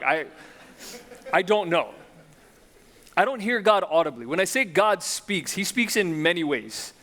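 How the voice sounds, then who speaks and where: A young man preaching a sermon, swinging between loud, slow, emphatic build-ups and quiet, low reflection. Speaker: pastor.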